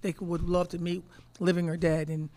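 A woman's voice: on the low side, little pitch movement, normal speed, dark tone. A woman in her fifties, a head basketball coach answering press conference questions, telling stories emphatically and repeating words as she thinks.

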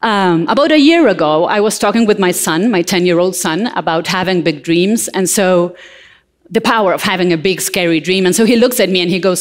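A woman from Argentina, giving a lively motivational talk on stage and addressing the audience directly. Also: medium pitch, fairly quick. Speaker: motivational speaker. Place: large hall on stage.

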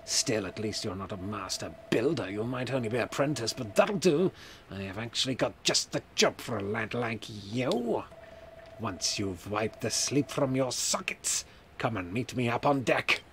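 A man's voice: medium pitch, expressive, moderate pace, fairly bright tone, slight background noise, close to an everyday voice. A man voicing a mocking, cackling skeleton sailor in a nasal, sneering squawk. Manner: teasing, cackling.

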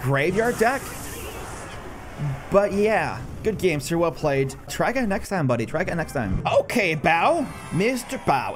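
A man in his thirties giving goofy, self-mocking live commentary over a mobile game, often dropping into silly low voices. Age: 30s. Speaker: gaming YouTuber.

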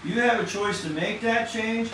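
A man preaching an informal sermon in a fast, excited, conversational way, with casual slang. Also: sits high. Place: church hall. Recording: echoey room from far off, faint noise.

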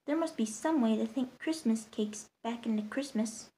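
A woman's voice: on the high side, normal speed, mellow, close to an everyday voice. A woman voicing a stubborn, hopeful young village girl who speaks wistfully.

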